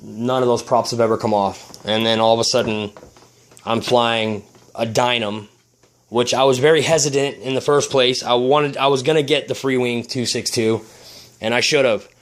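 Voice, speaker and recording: Man, casual vlog, agitated, swearing, halting restarts, mid pitch, indoors at home. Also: steady tone. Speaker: RC plane hobbyist vlogger.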